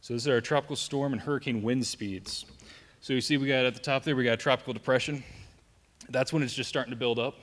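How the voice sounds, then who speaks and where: A man's voice: medium pitch, steady tone, quick pace, fairly bright tone. Joking Southern man presenting in a hall. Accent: Southern American. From American South. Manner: joking, conversational, asks the room "right?". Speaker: safety presenter. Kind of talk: live presentation to an audience. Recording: long hall reverb.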